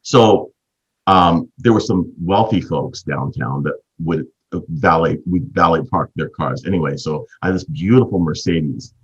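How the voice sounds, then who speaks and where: A man in his fifties from Canada, hosting and telling a business story as an animated storyteller with a husky voice. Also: unhurried, lo-fi sound. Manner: animated storyteller, big swings in pitch. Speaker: host.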